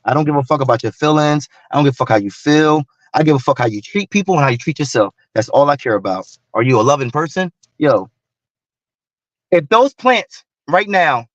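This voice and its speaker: A man's voice: fairly high pitch, moderate pace, dry recording, lo-fi sound. A man speaking bluntly and heatedly in casual chat, repeating himself for emphasis. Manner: blunt, repetitive, animated street talk.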